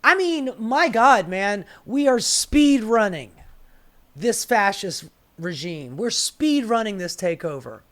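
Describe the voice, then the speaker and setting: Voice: mid-range voice, lively intonation, takes it slowly, fairly bright tone. A political commentator ranting sarcastically and profanely, with exasperated rhetorical questions.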